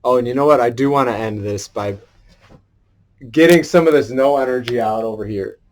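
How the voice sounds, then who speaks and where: A man's voice: mid-range voice, a little fast. A man livestreaming an emotional solo performance at home, talking in an earnest, intense way and swearing freely.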